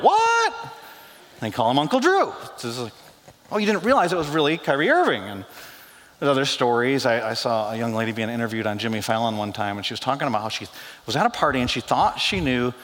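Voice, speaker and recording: A man preaching a sermon as pastor, animated and joking, dropping his voice low for quoted lines. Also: a little hiss or hum. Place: church sanctuary. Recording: long hall reverb.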